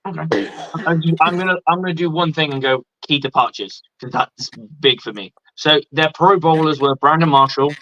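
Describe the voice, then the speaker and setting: Excitable, swearing man. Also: on the high side, normal speed, no echo. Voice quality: excitable and profane, many restarts. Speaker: host. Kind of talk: casual sports talk. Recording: dry, dull lo-fi sound.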